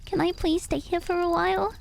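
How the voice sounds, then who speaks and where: A woman's voice: extremely high pitch, level tone, a little fast, creaky, slight background noise, voice pushed up. A woman voicing a timid, sorrowful baby duckling boy in a storybook reading. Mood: pleading. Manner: sorrowful, quiet.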